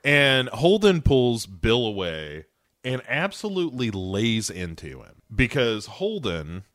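A man co-hosting a podcast, casually recapping a TV episode as an animated storyteller who acts out quotes. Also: medium pitch, slow, no room sound, clean studio sound. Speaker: podcast co-host.

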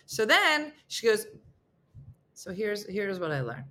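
A woman's voice: mid-range voice, sing-song, unhurried, long pauses, a bit bright. A woman hosting a morning show, telling a story in casual chat and acting out both sides of phone calls with big jumps in her voice.

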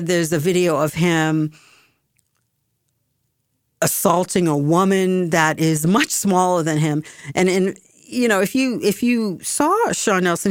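A woman's voice: on the low side, no room sound, studio quality. A woman giving an emphatic, exasperated political commentary monologue, often restarting her sentences.

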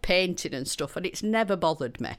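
A woman's voice: on the low side, expressive, a little fast. A woman, a stage actress chatting in an interview, rambling and laughing often. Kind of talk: casual interview chat.

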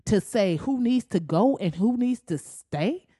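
A woman hosting a comedic podcast, talking bluntly and profanely and jumping up into high exclamations. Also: expressive, a little slow, mellow, slightly rough, no echo, studio quality. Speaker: podcast host.

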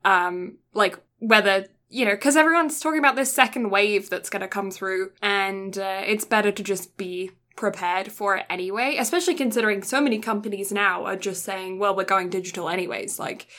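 Bright-toned woman, chatty and teasing. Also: mid-range voice, brisk, hardly any pauses. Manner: chatty, tangent-prone, teasing. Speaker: podcast co-host. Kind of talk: casual chat.

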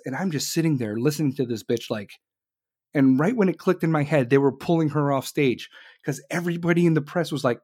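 An American man rants angrily about politics, swearing at nearly every turn. His voice sits on the high side, and he keeps breaking into sarcastic, mocking asides. The delivery is loud, blunt and combative throughout. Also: brisk. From United States. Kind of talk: profane political rant.

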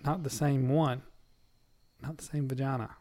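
A man's voice: mid-range voice, fairly even intonation, normal speed, warm tone. A man in casual chat, teasing his friends with crude jokes. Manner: joking, teasing, crude humor.

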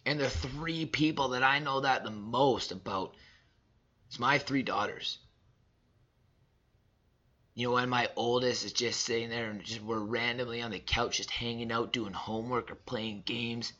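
A man in his thirties delivering a personal motivational monologue, emphatic and repetitive, swinging between loud and soft. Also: medium pitch, steady tone, unhurried, dull audio. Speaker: father sharing reflections.

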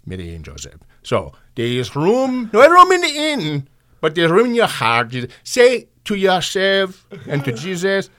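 A man imitating an earnest parish priest with an Indian accent, preaching in a slow, halting, sing-song way. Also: mid-range voice, a bit bright.

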